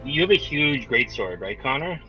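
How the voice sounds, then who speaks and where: A man playing a tabletop game, chatting and joking in animated banter. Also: medium pitch, moderate pace, lo-fi sound, soft background music. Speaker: player. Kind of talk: casual tabletop play chat.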